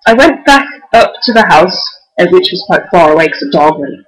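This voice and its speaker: A woman's voice: lowish voice, animated, a little fast, poor audio. A young woman vlogging, telling a story in a chatty, giggly way full of "like" and restarts. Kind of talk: casual storytelling to camera.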